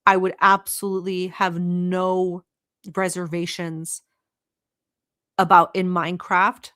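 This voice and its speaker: A woman from the Middle East hosting a reaction channel, commenting on clips in a blunt, animated and sarcastic way, with frequent swearing. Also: lowish voice, slow pace.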